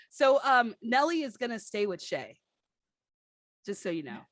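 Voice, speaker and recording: A woman serving as game master, narrating the scene in a slow, easygoing way and stopping often for "um" and "like." Her voice is mid-pitched and close, with a dry, dead sound around it. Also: a bit bright, no room sound. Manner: unhurried, chatty, full of fillers.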